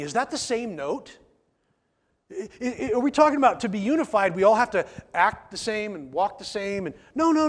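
A man preaching a sermon in church, emphatic, repeating key phrases and asking the congregation rhetorical questions. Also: high voice. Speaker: pastor.

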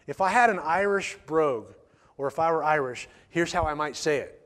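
Man, pastor, sermon in church, high voice, emphatic, repeats himself, rhetorical questions. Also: expressive, moderate pace, a bit bright.

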